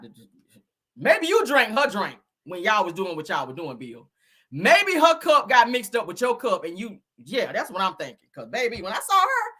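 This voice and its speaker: Sassy, animated woman gossip host. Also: medium pitch, normal speed, slightly rough. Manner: animated, sassy, profane, acts out people with voices. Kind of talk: casual gossip commentary.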